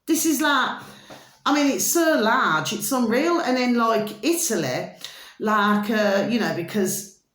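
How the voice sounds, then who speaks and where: A woman's voice: fairly high pitch, lively intonation, unhurried, a bit bright. A woman vlogger in a rambling, casual monologue, meandering with fillers and restarts and fondly calling her viewers her little babies. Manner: keeps calling viewers "my delicious little babies", asks "do you see?". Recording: echoey room.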